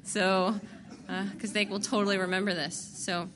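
A woman's voice: mid-range voice, level tone, quick pace, background noise. A woman candidly sharing her recovery story to a group, blunt and profane and laughing at herself. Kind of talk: candid personal testimony.

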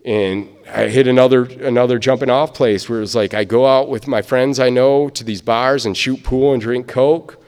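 A man's voice: mid-range voice, steady tone, moderate pace, a little mellow, clear, resonant tone. Man from Michigan, recovery speaker, rambling and filler-heavy, echoey hall recording. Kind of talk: personal testimony storytelling.

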